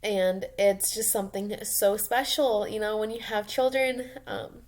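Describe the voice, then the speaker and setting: A young woman talks about motherhood in a casual personal vlog. Her pitch sits in the middle, and she takes her time. She rambles and grows emotional, with frequent ums and soft laughs. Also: unhurried. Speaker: mom vlogger.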